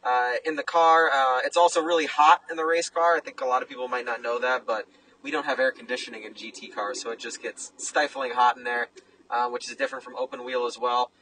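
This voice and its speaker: A man's voice: mid-range voice, fairly even intonation, brisk, sharp tone, recorded from a distance, slight background noise, poor audio. A young man, a race car driver, answering interview questions in an easygoing way with many fillers. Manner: easygoing, lots of "uh" and "you know". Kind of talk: casual interview.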